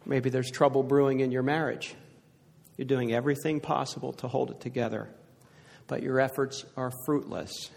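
An older man preaching a sermon to a congregation, telling stories earnestly and growing hushed at the sad parts. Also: medium pitch, steady tone, moderate pace, vocal fry. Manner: earnest storytelling, dropping to a hushed voice for sad points. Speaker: pastor. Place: church sanctuary before a congregation. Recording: echoey hall reverb.

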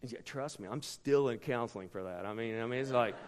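A middle-aged man preaching a storytelling sermon, with a dramatic delivery that swings from hushed asides to sudden shouts. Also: medium pitch, brisk, clear, resonant tone. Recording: long reverb from a large hall.

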